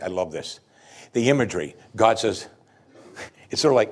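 A man's voice: on the low side, fairly quick, long pauses. A man preaching a sermon, reading scripture dramatically and explaining it to the congregation. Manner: dramatic scripture reading, rising loud for the psalmist's lament.

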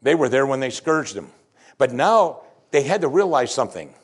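A male pastor delivering a sermon in a lively, expressive voice whose pitch rises and falls widely. He acts out the people he quotes and drops to a hush for dramatic moments. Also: brisk, husky. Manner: animated preaching, voicing quoted speakers, swings from loud to hushed.

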